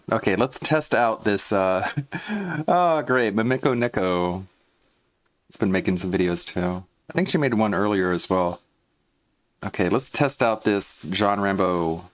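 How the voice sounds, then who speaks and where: Laid-back male streamer, low voice, unhurried casual chatter. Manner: laid-back, mumbling asides to himself. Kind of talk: casual live-stream chat.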